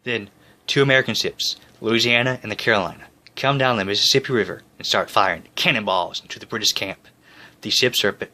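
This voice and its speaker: A man retells old battles as a lighthearted comic story, full of breezy asides. His voice sits a bit low but comes across bright and forceful. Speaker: narrator. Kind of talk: comic history narration.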